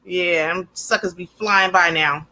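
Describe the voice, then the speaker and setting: A woman co-hosting a casual chat show, lively and chatty, often laughing and teasing. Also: fairly low pitch, measured pace, poor audio. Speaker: podcast co-host.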